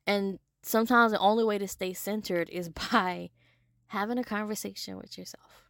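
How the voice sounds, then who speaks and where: A woman hosting a solo podcast, talking in an animated, casual way with some swearing, swinging from loud to soft. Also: mid-range voice, normal speed, vocal fry, dry recording. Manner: casual, with profanity and y'all. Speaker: podcast host. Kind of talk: solo motivational podcast monologue.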